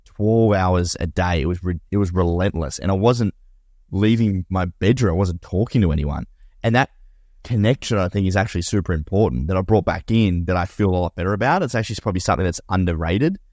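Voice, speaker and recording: A man with an Australian accent co-hosting a podcast from home, chatting quickly and upbeat, often repeating words as he gets going. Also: deep voice, darkish tone, dry recording, studio quality. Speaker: podcast co-host. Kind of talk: casual chat. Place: home, Melbourne.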